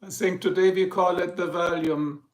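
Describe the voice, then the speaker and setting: A man's voice: sits high, fairly even intonation, normal speed. A middle-aged man with a German accent, a native German speaker, hosting a casual livestream and chatting with viewers in a rambling, joking way. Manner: rambling, joking, addresses chat by name. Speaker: livestream host.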